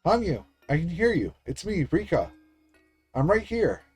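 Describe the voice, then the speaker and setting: A man voicing a small girl calling out desperately in the dark and demanding help. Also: a little high, very animated, unhurried, breathy edge, faint music behind, voice pushed up, exaggerated voice. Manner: pleading, shouting into the dark.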